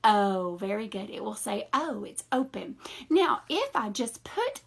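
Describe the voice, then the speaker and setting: A woman teaching a phonics lesson to young children in a slow, encouraging, sing-song teacher voice. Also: medium pitch, very animated, vocal fry, slightly rough. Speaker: reading teacher.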